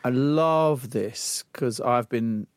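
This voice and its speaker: A man's voice: medium pitch, extremely slow, no echo. A man hosting a podcast interview, who asks teasing questions and laughs easily. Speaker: podcast host. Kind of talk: casual interview chat.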